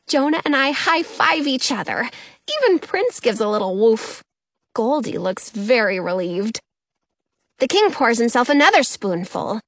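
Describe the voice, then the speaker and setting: A woman narrates a children's storybook in an expressive first-person voice. Her pitch is high and swoops widely. The pace is unhurried, and the recording is close and dry. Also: no echo. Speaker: audiobook narrator. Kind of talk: storybook read-aloud narration.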